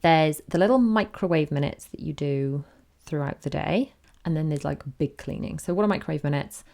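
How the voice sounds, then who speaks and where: A woman in her thirties talks through a casual solo podcast with a low voice. She is candid and chatty and keeps drifting into tangents. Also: normal speed, creaky, a little mellow. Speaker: podcast host.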